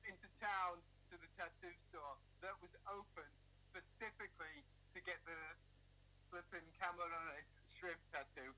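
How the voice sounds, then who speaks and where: Cheerful laid-back man, very bright tone. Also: sits high, fairly even intonation, a little slow, a little hiss or hum, low-quality recording. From United Kingdom. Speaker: interview guest, DJ and producer. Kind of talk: casual chat.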